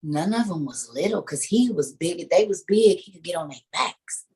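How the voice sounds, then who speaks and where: A woman preaching in a lively, conversational way on a video call. She acts out scenes as she tells them, laughs often and keeps turning to her listeners with emphatic repeats. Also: lowish voice, normal speed, husky. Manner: emphatic and repetitive, addressing listeners directly. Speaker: speaker leading an online group meeting.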